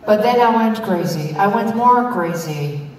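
A woman's voice: mid-range voice, expressive, a little slow, darkish tone, a little hiss or hum. A woman tells a comic story on stage, acting out both sides of a conversation. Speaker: performer on stage. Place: large hall. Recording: echoey hall from far off.

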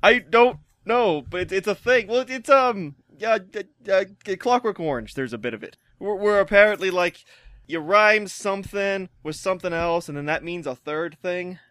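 An American man co-hosting a podcast in casual chat, jokey and quick to laugh. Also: high voice, a bit bright, clean tone, no echo, clean studio sound. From United States. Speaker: podcast co-host.

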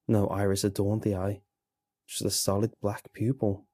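A man narrating a horror story in a slow, grim, measured way. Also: fairly low pitch, flat delivery, warm tone.

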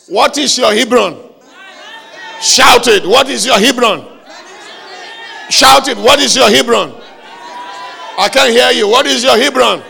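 A male preacher delivering a fervent revival sermon, shouting repeated calls for the congregation to pray aloud. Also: high-pitched, creaky. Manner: fervent, repetitive exhortation.

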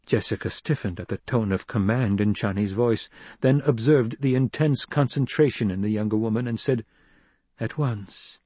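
A man reading an audiobook in measured, even scripted narration. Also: fairly low pitch, breathy edge, dry recording.

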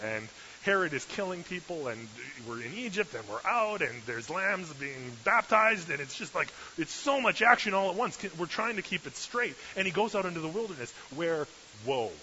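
Bright-voiced man preaching a sermon. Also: on the high side. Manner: storytelling, animated, asks the listeners questions. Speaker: pastor. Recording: slightly dull recording with faint hiss.

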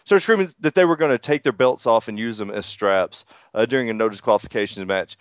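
A man's voice: lowish voice, fast talker, clean tone, no echo. A man co-hosting a podcast, a pro wrestler who tells stories in a profane, joking way. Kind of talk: casual chat. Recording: dull lo-fi sound.

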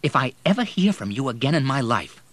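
A man voicing a furious, grieving young man who shouts and threatens. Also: medium pitch, sing-song, fairly quick, no room sound, pitched above the performer's own voice. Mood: cold threatening. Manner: shouting through rage.

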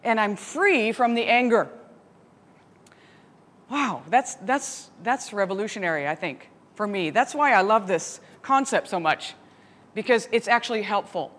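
A woman teaching a Bible study, telling a story with lively laughs and asides. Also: mid-range voice, unhurried. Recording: long hall reverb.

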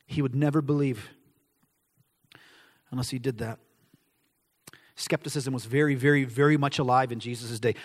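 Animated pastor preaching in a reverberant hall. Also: male voice, on the high side, normal speed. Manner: animated, acts out quoted voices, emphatic questions and answers. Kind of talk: sermon.

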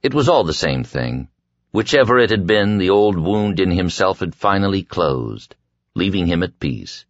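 A man reading an audiobook in measured scripted narration, quietly voicing the dialogue as he goes. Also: sits low, very animated, dry recording, muffled recording.

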